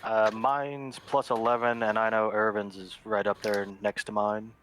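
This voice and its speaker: A man playing in a tabletop game session, chatting in a relaxed, joking way. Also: fairly low pitch, normal speed, slight background noise. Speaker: player.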